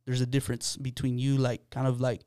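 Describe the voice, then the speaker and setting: Smooth-voiced man telling an earnest story. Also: medium pitch, monotone, fairly quick, mellow, no echo, clean studio sound. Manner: earnest storytelling with many fillers. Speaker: podcast guest. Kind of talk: casual podcast chat.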